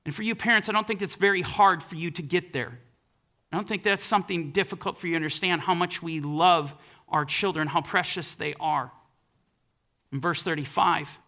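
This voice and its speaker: Brief: emphatic male Bible teacher, high and bright voice, reads scripture aloud mid-sermon. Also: sing-song, moderate pace. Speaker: preacher.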